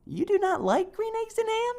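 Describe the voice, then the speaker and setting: A woman's voice: very high voice, big pitch swings, moderate pace, creaky, darkish tone, voice pushed up, heavily acted. A woman voicing a small, eager boy character who keeps pestering with sing-song questions in a children's storybook reading. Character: eager persistent little Sam-I-Am, male, small.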